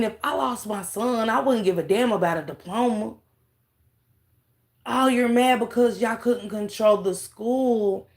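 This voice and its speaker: Her voice is fairly high and creaky as she hosts a relaxed livestream, making fun of the clip on screen. She speaks directly to chat, thanking viewers between laughing asides.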